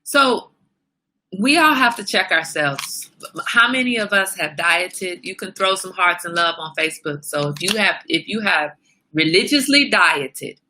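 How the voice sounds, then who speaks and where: A woman's voice: on the low side, expressive, a little slow, bright, forceful tone, a little hiss or hum. A woman hosting a casual livestream, chatting straight to her viewers. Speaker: livestream host.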